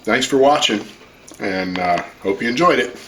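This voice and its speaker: A man hosting a home cooking demonstration, talking in a relaxed, chatty and self-deprecating way as he works in his kitchen. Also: lowish voice, normal speed, background noise. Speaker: home cooking show host.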